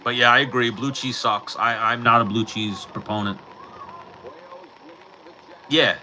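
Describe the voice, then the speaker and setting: A middle-aged man hosting a casual livestream chat, telling fight stories in an animated way, swearing freely and acting out what people said, into his own mic. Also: mid-range voice, measured pace, slight background noise, rough recording. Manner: animated storytelling, swears freely, acts out quotes. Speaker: livestream host. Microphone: personal mic.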